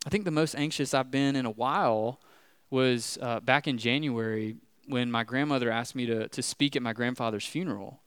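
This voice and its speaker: A man's voice: mid-range voice, moderate pace, a bit bright, clean tone, dry recording. A man preaching a conversational sermon in a casual way, often checking in with "right?". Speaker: pastor.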